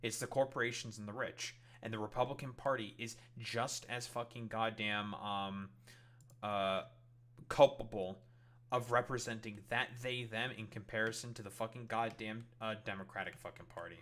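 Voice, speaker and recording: A man's voice: lowish voice, fairly even intonation, moderate pace, a bit bright. A male streamer delivering a heated, profanity-laden political rant while reacting to clips. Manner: heated, swears constantly.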